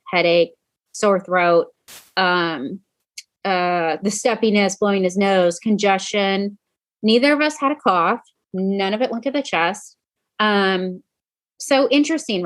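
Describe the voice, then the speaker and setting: This woman, a podcast host and coach, has a mid-range voice and an unhurried pace, recorded with no echo. Addressing her audience directly, she shares a personal story conversationally, with frequent "um"s and plenty of self-corrections.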